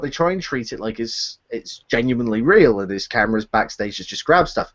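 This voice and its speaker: A man in casual live chat, his pitch bouncing all over as he rants with sarcastic exasperation. His voice sits a little high for a man. The audio is dry and lo-fi, with a dull top end. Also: dry recording. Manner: animated, sarcastic ranting. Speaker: podcast co-host.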